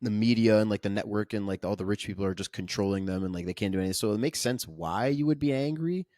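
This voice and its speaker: Speaking quickly in a lowish, darkish voice, this male podcast co-host sounds studio-clean with no room sound. His film chat is relaxed and reflective, full of hedges and repeated "like"s.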